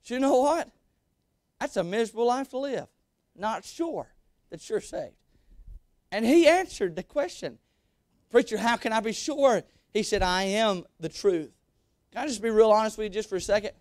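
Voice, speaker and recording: A man's voice: sits high, lively intonation, moderate pace, long pauses, no echo, studio quality. A young man preaching a sermon as a guest preacher, emphatic and repeating his lines. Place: church sanctuary.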